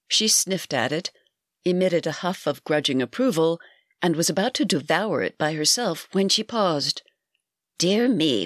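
Measured storyteller with a dry, close sound. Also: mid-range voice, no room sound. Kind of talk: scripted narration.

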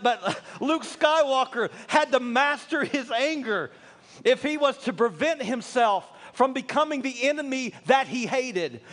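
A man preaching a sermon to his church, earnest and building from quiet asides to fervent appeals. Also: very high-pitched. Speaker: pastor.

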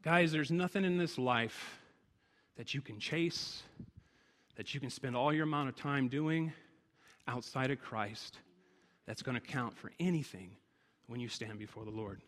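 A man's voice: mid-range voice, measured pace, fairly bright tone, in a large hall. A man preaching a sermon to his church, driving points home with emphatic repeated phrases.

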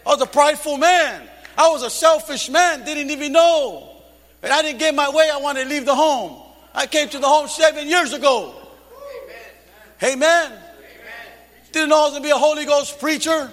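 High-pitched male preacher, fervent and shouting, in a reverberant church hall. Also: normal speed. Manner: fervent, shouting rebukes and calls to the congregation. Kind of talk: Pentecostal sermon testimony.

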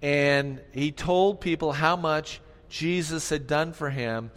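A man preaches a sermon, repeating his key lines and calling on the congregation to respond. His slightly high voice rises from hushed asides to loud, emphatic peaks. A long reverb from the church sanctuary trails behind his words. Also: slow. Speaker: pastor.

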